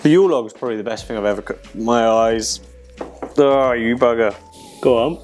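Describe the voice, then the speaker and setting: Sweary bloke cooking at home. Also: male voice, medium pitch, normal speed, vocal fry, pauses often, music in the background. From England. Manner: sweary, rambling, self-mocking. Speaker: pro fighter cooking on his channel. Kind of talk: casual cooking vlog chat. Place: home kitchen.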